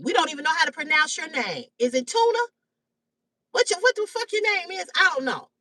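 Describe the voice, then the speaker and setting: A woman in her fifties hosting a live stream, talking bluntly and loudly with heavy cursing. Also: extremely high pitch, no echo, distant mic, low-quality recording. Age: 50s. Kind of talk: profane casual live-stream rant. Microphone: phone or webcam on a live stream.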